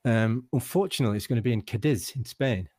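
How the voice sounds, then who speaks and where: A man hosting a casual football podcast, wry and halting with many restarts. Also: mid-range voice, darkish tone, no echo, studio quality. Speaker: podcast host.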